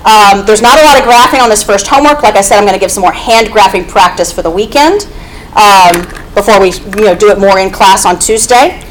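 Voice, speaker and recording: A woman's voice: mid-range voice, brisk, a little hiss or hum, rough recording. Woman teaching math to a class. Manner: explanatory, repeats "okay?" to check understanding. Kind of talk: classroom lecture.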